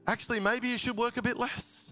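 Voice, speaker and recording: A man's voice: very high voice, level tone, a little fast, pushed and bright, big-room sound, faint music behind. A man from Australia, preaching a sermon as he tells a personal story in a fervent, storytelling way. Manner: storytelling, grows fervent and emotional. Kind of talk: sermon testimony.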